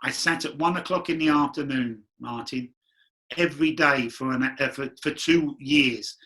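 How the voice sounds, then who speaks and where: Bright-voiced man telling stories. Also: medium pitch, normal speed. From London. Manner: chatty, rambling anecdotes with acted quotes. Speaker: guest medium. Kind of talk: candid storytelling interview.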